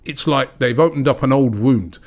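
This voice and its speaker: A man's voice: medium pitch, moderate pace. Passionate man arguing football. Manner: passionate, emphatic, repeats "right?". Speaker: podcast co-host. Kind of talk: heated football chat.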